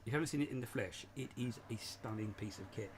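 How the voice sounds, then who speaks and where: A man's voice: medium pitch, quick pace, a little hiss or hum. A man hosting a casual live stream from his shed, rambling and chatty, often laughing as he talks. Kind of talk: casual chat. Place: home shed.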